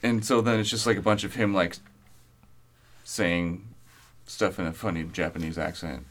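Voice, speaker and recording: A man's voice: sits low, fairly even intonation, moderate pace, fairly bright tone. A man co-hosting a casual podcast chat who laughs often and quotes people in character.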